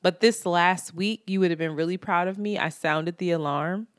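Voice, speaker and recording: Young woman telling an animated story. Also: lowish voice, moderate pace, no room sound, studio quality. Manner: animated storyteller, swears freely, acts out quoted people. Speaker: podcast co-host. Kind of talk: casual chat.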